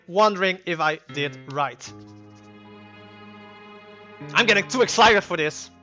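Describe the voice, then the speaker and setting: An excitable young man who thinks aloud while he plays, with a high, lively voice that jumps around a lot. The sound is a bit dull and lo-fi, with faint music underneath. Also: slow, pauses often. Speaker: let's play gamer. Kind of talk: casual game commentary.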